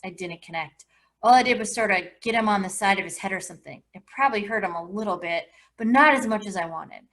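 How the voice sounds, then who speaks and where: A woman teacher reads a novel aloud for her class, lending the first-person narrator an expressive, lively delivery. She sounds like she is recording a lesson. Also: mid-range voice. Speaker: English teacher.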